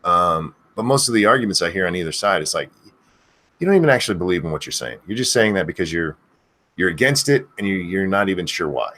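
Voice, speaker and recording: A man's voice: deep voice, big pitch swings, fast, bright, forceful tone. A man from the United States, co-hosting a casual talk show, blunt and opinionated. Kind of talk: casual podcast chat.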